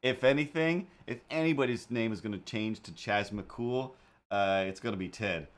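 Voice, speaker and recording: Speaking at a moderate pace in a lowish voice, a livestream host and artist runs a casual drawing stream. His talk is rambling and jokey, full of fillers and side comments.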